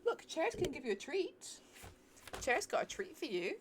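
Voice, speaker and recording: A woman's voice: high-pitched, very animated, normal speed, a little hiss or hum. A chatty, giggly woman, musing aloud as she streams herself playing a game. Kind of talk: casual live-stream chat while gaming.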